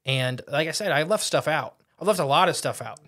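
A man's voice: fairly high pitch, lively intonation, fairly quick, fairly bright tone. A man co-hosting a paranormal podcast, chatting casually in a loose, rambling way with restarts. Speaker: podcast co-host.

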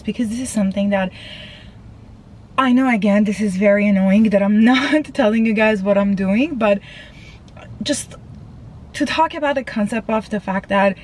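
A woman with a mid-range, somewhat dark voice vlogs casually from inside her car, recorded on a phone. She rambles chattily with lots of fillers and sounds a little out of breath. The audio is rough.

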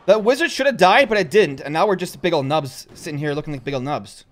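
A young man hosting a gaming channel, giving gameplay commentary and jumping to loud, excitable outbursts. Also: on the high side, fast.

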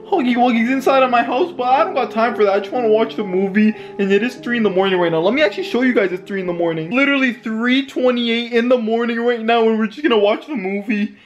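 A young man giving excitable reaction commentary as a YouTuber, shouting, gasping and saying "yo" and "literally" constantly. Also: very high-pitched, fast, few pauses, muffled recording. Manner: excitable, shouts and gasps, says "yo" and "literally" a lot. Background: music playing.

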